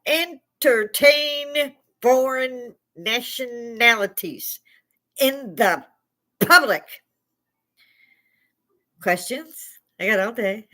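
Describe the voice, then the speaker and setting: Older woman, Chicago accent, livestream host, heated blunt rant, swears a lot, mid-pitched voice. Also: a bit bright. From Chicago, United States. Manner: blunt, profane, heated ranting. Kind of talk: opinionated live rant.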